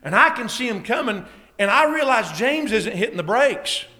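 A middle-aged man, a preacher telling a story in a sermon that builds to excited shouting. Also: extremely high pitch, normal speed.

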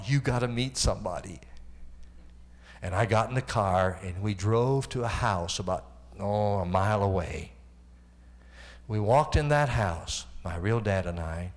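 A middle-aged man preaching a sermon, telling his own story and rising to impassioned, high-pitched delivery. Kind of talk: sermon testimony.

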